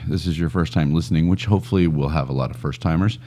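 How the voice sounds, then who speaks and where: A Scottish man with a mellow bass voice talks quickly while co-hosting a podcast in a studio. He trades casual banter, telling jokey stories and poking fun at himself.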